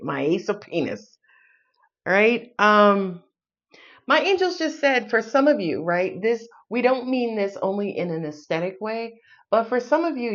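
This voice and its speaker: A woman's voice: medium pitch, lo-fi sound. Sassy New York woman reading tarot. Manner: sassy, playful, swearing, laughs often. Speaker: tarot reader.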